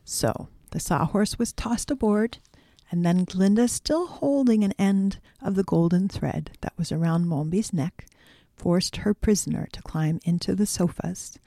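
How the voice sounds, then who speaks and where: A woman narrating a classic children's tale in a measured reading voice. She reads slowly, with a mellow tone that drops at times into soft whispers. The sound is dry and close. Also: on the low side, no echo. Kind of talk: storybook audiobook reading.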